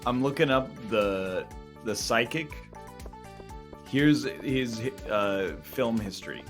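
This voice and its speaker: A man's voice: medium pitch, faint music behind. A man streaming a game with his co-host, chatting casually with dry, wry remarks. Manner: dry, wry commentary, rattles off lists quickly. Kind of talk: casual chat while gaming.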